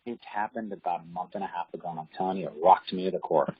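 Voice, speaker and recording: A man, a real estate agent, chatting casually in an interview and telling animated stories. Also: sits low, quick pace, slightly rough. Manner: animated, acts out quoted voices. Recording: dull lo-fi audio.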